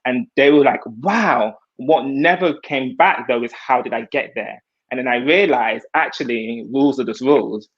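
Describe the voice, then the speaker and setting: A man's voice: medium pitch, normal speed, few pauses, dull audio. A male hairstylist speaking earnestly and reflectively on a video call, sharing his experience as a self-taught artist. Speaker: hairstylist guest. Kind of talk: heartfelt conversational sharing.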